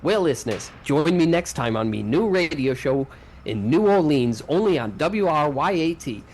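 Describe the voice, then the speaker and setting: Guy playing a sweary new zealand radio host, grumpy, slightly high voice, loud noise behind. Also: lively intonation, moderate pace, natural voice. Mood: grudging. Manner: swears constantly, bleeped, calls everyone mate. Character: foul-mouthed New Zealander radio host, middle-aged, cranky.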